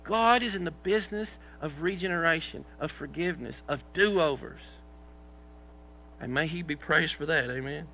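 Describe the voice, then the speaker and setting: Man, pastor preaching a sermon, gravelly fry, very sharp bright tone, asks the congregation questions. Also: on the high side, moderate pace, poor audio. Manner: conversational preaching, asks the congregation questions, self-deprecating humor. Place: church.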